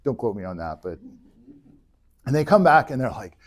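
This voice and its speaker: A man teaching an adult church class, retelling scripture in a casual, joking way with quick bursts of character voices. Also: mid-range voice, big pitch swings. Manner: jokey retelling, voices biblical figures in bursts. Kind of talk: casual Bible history lecture.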